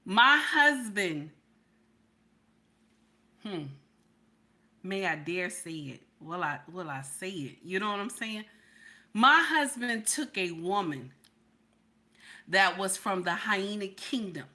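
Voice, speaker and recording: Middle-aged female streamer, emphatic and repetitive, bright voice. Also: mid-range voice, lively intonation, takes it slowly, long pauses. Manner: emphatic, repeats lines, talks to chat. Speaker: livestream reaction host. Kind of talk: casual livestream commentary.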